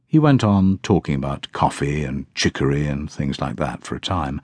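A man reads a novel aloud in a measured, unhurried first-person narration. His voice is very low and deep, yet his intonation moves expressively. The recording is dry and close to the mic, with no room around it. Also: lively intonation, darkish tone, dry recording. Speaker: audiobook narrator.

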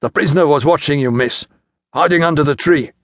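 A man voicing a brutal Roman soldier who speaks gruffly and barks orders. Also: medium pitch, animated, normal speed, fairly bright tone, dry recording, studio quality. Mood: gruff, threatening. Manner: gruff, barking. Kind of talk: audiobook character reading.

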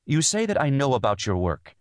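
A man's voice: medium pitch, very animated, fairly quick, no room sound, clean studio sound, voice pushed up, lightly acted. A man narrating an audiobook voices a tense young wife and mother, earnest and insistent as she pleads her case. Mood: earnest, pleading. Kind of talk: audiobook dialogue.

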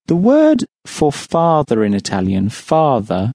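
A man's voice: mid-range voice, huge pitch swings, takes it slowly, warm tone, dry recording. An English man teaching a language lesson on an audiobook, patiently explaining and then asking the listener to answer. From England.

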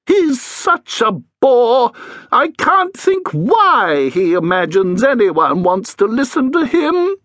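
A man voicing a grumpy, bossy old female plague ghost, grumbling scornfully in a shrill voice. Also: very animated, slow pace, fairly bright tone, dry recording, clean studio sound, full character voice. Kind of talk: audiobook character voice.

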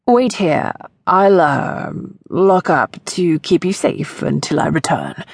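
A woman's voice: sits low, animated, slow pace, vocal fry, slightly rough, dry recording, clean studio sound, heavily acted. A woman doing a stammering nervous shopkeeper. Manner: stammering, flustered. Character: nervous balding middle-aged shopkeeper man, stammering.

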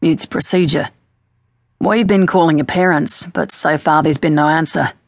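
A woman's voice: low-pitched, fairly even intonation, normal speed, dry recording, clean studio sound. Woman reading a patronizing male detective. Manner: soothing and patronizing.

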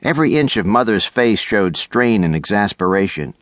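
A middle-aged man narrating a children's audiobook with lively, expressive storytelling on a close studio mic. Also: on the low side, normal speed, hardly any pauses, no echo. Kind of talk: scripted narration.

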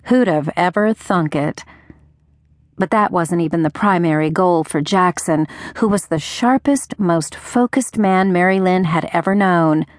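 A woman narrates a novel in a gentle storytelling manner, shifting her voice for quoted characters. Her voice sits low for a woman. The close-miked studio recording is dry, with no room sound. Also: no echo. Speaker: audiobook narrator. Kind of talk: scripted narration. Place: studio booth. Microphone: close studio mic.

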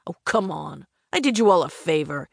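A woman putting on a hot-headed young man in an audiobook, speaking in a lazy, coaxing drawl. The voice sits lower than usual and sounds dismissive. It is recorded close and dry. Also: animated, moderate pace, vocal fry, dry recording, heavily acted. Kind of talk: audiobook character voice.

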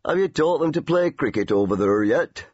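A man's voice: fairly high pitch, lively intonation, normal speed, darkish tone, dry recording, pitched above the performer's own voice. A man voicing a blunt, teasing old northern grandfather in an audiobook, dry and matter-of-fact. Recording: dull, dry studio recording.

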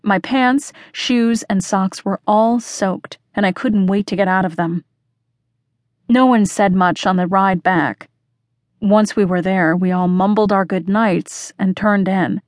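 A woman narrates a first-person mystery audiobook in a measured, expressive voice. Her pitch sits in an ordinary middle range, and the recording is close and dry, with no room sound at all. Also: dry recording.

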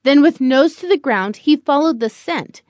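A woman reads a children's picture book aloud in an unhurried, animated storytelling voice. Her pitch sits high and rises and falls a lot. The sound is dry and close. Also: no room sound. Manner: expressive, storytelling. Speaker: narrator. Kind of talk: children's audiobook narration.

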